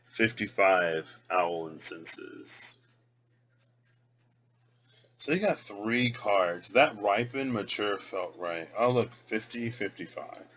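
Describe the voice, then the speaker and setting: A man's voice: fairly low pitch, expressive, slow pace, a bit bright, low-quality recording. A man thinking aloud as he pulls and reads cards, muttering and repeating words as he tries pronunciations. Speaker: tarot and rune reader. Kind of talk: casual reading vlog, thinking aloud.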